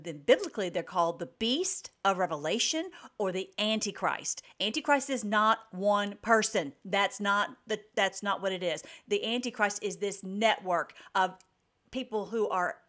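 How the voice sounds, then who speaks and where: A woman hosting an online show, giving emphatic, rapid-fire political commentary between video clips. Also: medium pitch, a bit bright.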